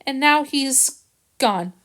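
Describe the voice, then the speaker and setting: In this audiobook passage, a woman gives a tearful, distressed performance as Jill, a young woman working at a kennel who is upset. She reads in a high-pitched, animated, pushed-up voice at moderate speed.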